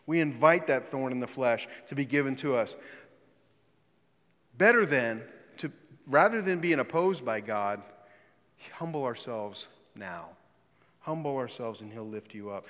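A middle-aged male pastor delivering a sermon, his voice sitting a little high for a man. He speaks earnestly and with emphasis, and sometimes sinks to a hushed, low tone to drive a point home. His words ring out with a long reverb, as in a large church hall. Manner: earnest and emphatic, often drops to a quiet, low voice for stress.

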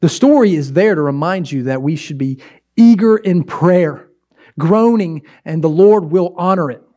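A man's voice: a little high, lively intonation, normal speed, mellow. A pastor preaching a sermon, exhorting with repeated emphatic phrases and shifting his pace for effect.

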